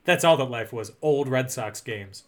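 A man co-hosting a podcast, recapping a movie in casual chat with wry, deadpan asides. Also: mid-range voice, normal speed. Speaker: podcast co-host.

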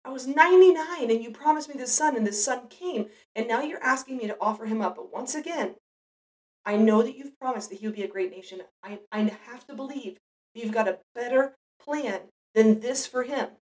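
A woman's voice: on the high side, brisk, darkish tone, recorded from a distance, lightly acted, low-quality recording. Woman voicing a troubled old man praying. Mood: troubled, pleading. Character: older man pleading anxiously with God.

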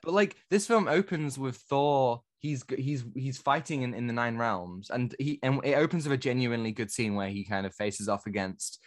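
A man co-hosting a casual film podcast, talking in an animated, opinionated way and circling back to restart his points. His voice sits at an ordinary middle pitch. The recording is close and dry, with no room sound. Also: normal speed, few pauses, dry recording. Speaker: podcast co-host. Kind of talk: casual film review chat.

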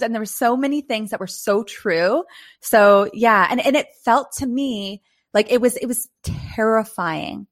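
Canadian woman telling a ghost story. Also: on the high side. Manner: animated, rising to near-shrieks in scary moments. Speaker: podcast host. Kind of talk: casual storytelling.

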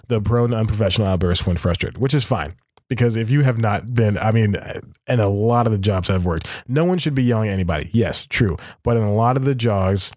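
A man's voice: mid-range voice, darkish tone, dry recording, clean studio sound. A man hosting a podcast alone, reading an article aloud and commenting casually, chuckling often and correcting himself as he rambles. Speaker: podcast host.

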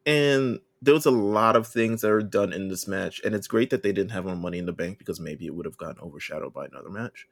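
A man's voice: low voice, fast talker, few pauses. A young man co-hosting a casual wrestling podcast, laid-back and profane. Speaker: podcast co-host.

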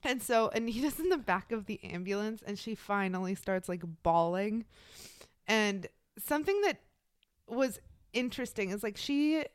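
A woman's voice: mid-range voice, expressive, moderate pace, clear, resonant tone, no room sound, studio quality. A woman co-hosting a true-crime podcast, telling a story in a casual, blunt way, swearing freely and acting out what people said.

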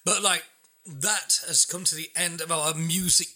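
A man's voice: a little high, steady tone, a little slow, pushed and bright. A man hosting a podcast interview, chatty and playful, laughing easily. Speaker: podcast host. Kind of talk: casual interview chat.

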